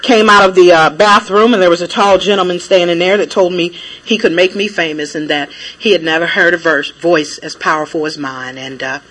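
A woman speaker telling her own recovery story in a lively, laughing way, with many fillers. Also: fairly low pitch, a little fast, few pauses. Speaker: traveling speaker. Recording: noisy recording.

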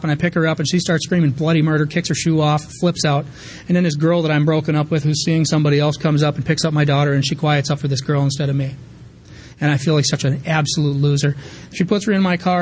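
A man's voice: a little high, a little hiss or hum. A man in his thirties telling a candid, rambling personal story about getting sober, with many fillers and restarts. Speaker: recovery meeting speaker.

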